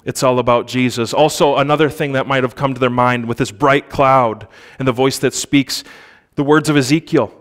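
Brief: a male pastor giving a chatty church sermon, mid-pitched voice, reads scripture slowly. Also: fairly even intonation, a bit bright. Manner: conversational, asks the congregation for responses; reads scripture aloud with slow emphasis.

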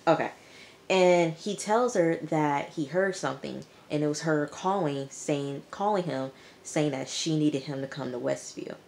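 A woman giving a chatty, animated recap of a TV episode to her viewers, talking to them directly. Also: deep voice, a little slow, gravelly. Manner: chatty, animated storytelling, addresses viewers as y'all. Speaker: TV episode reviewer. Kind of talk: casual recap vlog.

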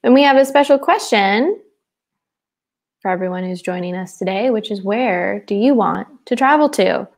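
A woman's voice: mid-range voice, lively intonation, normal speed, darkish tone. A woman in her twenties from Seattle co-hosting a casual live webinar, chatty and giggly, trailing off with fillers. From Seattle, USA. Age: 20s. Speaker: webinar co-host.

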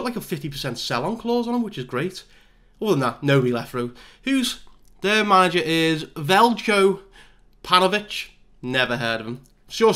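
A man's voice: on the high side, bright, forceful tone. A man giving casual, self-mocking play-by-play commentary over a football management game. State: out of breath. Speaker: gaming YouTuber.

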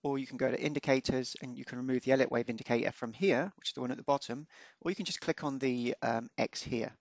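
Male tutorial presenter, relaxed unscripted delivery, raspy edge, dry close voice-over. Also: medium pitch, fast talker, dry recording, muffled recording. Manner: relaxed, unscripted, with frequent ums and small self-corrections. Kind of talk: screen-recorded software walkthrough.

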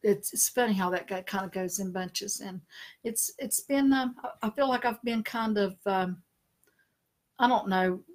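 The middle-aged spiritual consultant talks a little slowly at medium pitch during her casual live stream. She's a chatty storyteller, laughing regularly and breaking into animated impressions.

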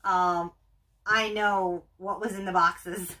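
Bright-voiced woman chiming in. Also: mid-range voice, fairly even intonation, slow pace, low-quality recording. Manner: short amused interjections from off to the side. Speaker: co-host. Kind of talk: casual chat, chiming in.

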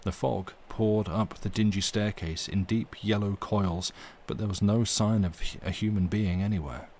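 Low-voiced man reading a ghost story. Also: normal speed, a little hiss or hum. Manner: expressive storytelling with dramatic emphasis. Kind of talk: reading a book aloud on a live stream.

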